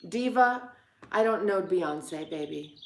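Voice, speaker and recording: A woman's voice: on the low side, expressive. Playful middle-aged woman, roomy echo. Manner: playful, self-mocking, quick asides. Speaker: livestream host singing viewer song requests. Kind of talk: casual chat with viewers between songs.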